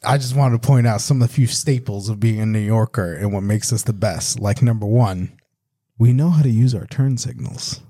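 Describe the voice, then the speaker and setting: A man from New York with a New York accent, hosting a podcast in animated casual chat. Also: on the low side, moderate pace. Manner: animated, storytelling, quotes people mockingly. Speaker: podcast host.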